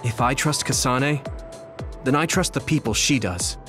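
Actor playing an earnest young male soldier, sincere and steady, mid pitch, game music under it. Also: normal speed, natural voice. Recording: game audio with music behind.

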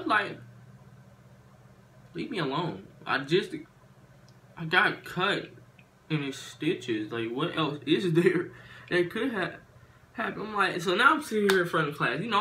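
A man's voice: fairly high pitch, lively intonation, a little slow, bright, forceful tone, a little hiss or hum. A young man telling a storytime story to his viewers in casual slang, animating and exaggerating as he goes. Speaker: YouTuber.

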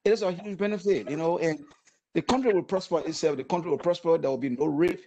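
A man in his sixties, a war veteran from Africa, telling his story earnestly in a halting way with many repeated words. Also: on the high side, mellow, dull audio, slight background noise. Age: 60s. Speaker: interview guest, war veteran. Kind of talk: emotional personal testimony.

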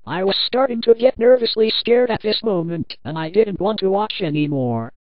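A woman's voice: medium pitch, animated, moderate pace, no room sound, lo-fi sound. A woman narrating a first-person horror story in a plain, earnest storytelling manner.

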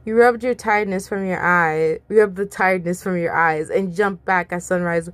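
A woman reading fan fiction aloud, expressive and giggly, with chatty asides to her listeners. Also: fairly low pitch, normal speed, no echo. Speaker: story reader.

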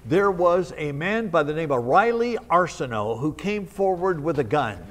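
A minister telling a story in a short devotional message, in a measured, unhurried way. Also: male voice, fairly high pitch, expressive, a bit bright. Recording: long reverb with faint music.

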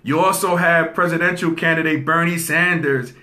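Bright-voiced male host chatting. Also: on the high side, fairly even intonation, moderate pace. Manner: talks to the audience, often checks in with "okay?"; repeats phrases for emphasis. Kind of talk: casual commentary.

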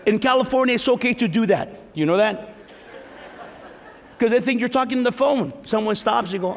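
A man pastor preaching a sermon to a congregation in a large church, animated, acting out prayers and teasing the listeners. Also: extremely high pitch, fairly quick, vocal fry, pauses often, slight background noise. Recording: long reverb of a large hall.

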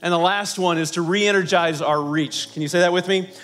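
A man's voice: high voice, steady tone, a little fast, fairly bright tone. A man preaching as pastor, leading the congregation in call-and-response. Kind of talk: sermon.

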